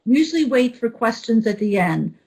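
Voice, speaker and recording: Brief: female webinar host, lively storyteller, a bit high-pitched. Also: fairly quick, husky, low-quality recording. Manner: animated storyteller, quotes others. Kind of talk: storytelling introduction.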